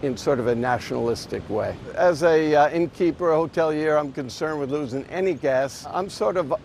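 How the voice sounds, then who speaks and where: A man's voice: on the high side, moderate pace, gravelly, darkish tone, slight background noise. A man who owns a hotel, answering interview questions in a thoughtful, hesitant way. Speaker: hotel owner. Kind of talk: interview soundbite.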